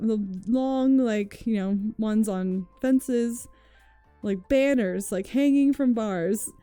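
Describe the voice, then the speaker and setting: A woman chats to her stream audience in a loose, rambling way, peppering her stories with swearing and laughter. Her voice is smooth and warm, recorded close and dry. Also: medium pitch, no room sound. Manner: chatty, rambling storytelling with frequent "like" and swearing; laughs often while telling stories. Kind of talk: casual chat with viewers.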